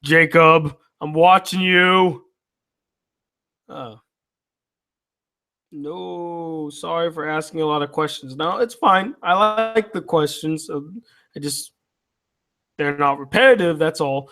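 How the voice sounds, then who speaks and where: A worn-out man with a high voice drawls slowly through a livestream chat, yawning between comments. He answers his viewers with casual, profane teasing. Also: pushed and bright. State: tired, yawning. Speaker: YouTube channel host.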